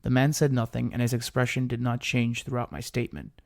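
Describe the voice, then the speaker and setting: Man, storyteller, first-person narration, measured delivery, middle pitch. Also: animated, gravelly, a little mellow. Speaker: narrator and writer.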